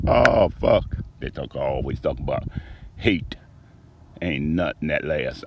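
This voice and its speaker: Man, spoken-word monologue, aggrieved, profane, low mutters and loud outbursts, very deep voice, faint noise behind. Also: expressive, slow pace, creaky, highs cut off. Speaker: storyteller recounting a personal grievance. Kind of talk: rhythmic spoken-word monologue with a repeated refrain.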